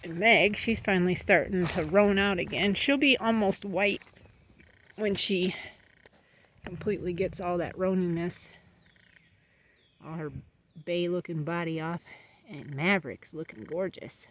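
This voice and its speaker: Farm lady outdoors chatting to her horses, baby talk and quick scolds, faint animal sounds around. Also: lowish voice, fairly bright tone, highs cut off, slight background noise. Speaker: homestead farmer. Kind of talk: casual vlog talking to her horses.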